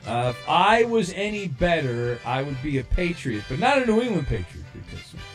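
A man's voice: on the high side, big pitch swings, normal speed, soft background music. A man hosting a call-in game show on the radio, rambling through fillers and jokes. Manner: rambling, stumbles over fillers. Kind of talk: loose, joking radio talk.

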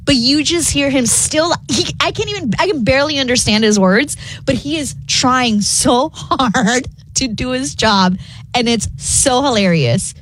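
A female radio co-host telling a funny story in a lively, casual way. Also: high voice, measured pace, a little hiss or hum, poor audio. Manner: animated storytelling, laughing along.

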